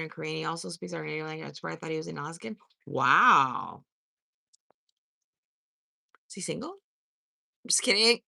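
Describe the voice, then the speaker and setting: A woman's voice: sits low, gravelly, bright, forceful tone, dry recording, clean studio sound. A woman in her fifties hosting a casual livestream, reading and answering viewer comments in a blunt, sassy way full of swearing. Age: 50s. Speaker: livestream host.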